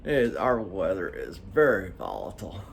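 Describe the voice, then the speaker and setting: A man's voice: low voice, very animated, normal speed, vocal fry, slight background noise. A middle-aged man, talking to his vlog viewers in a folksy, joking way with lots of fillers. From West Virginia. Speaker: vlogger. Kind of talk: casual vlog talk.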